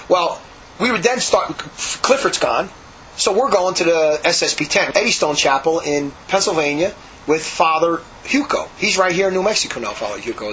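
A man, a religious brother, telling a rambling, animated story in conversation. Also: a little high, slight background noise. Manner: animated, rambling, acts out quotes. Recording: dull lo-fi recording.

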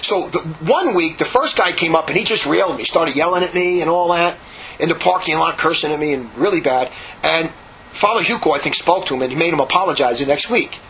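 A man, a religious brother, telling a rambling, animated story in conversation. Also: a little high, a little fast, slight background noise. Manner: animated, rambling, acts out quotes. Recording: dull lo-fi recording.

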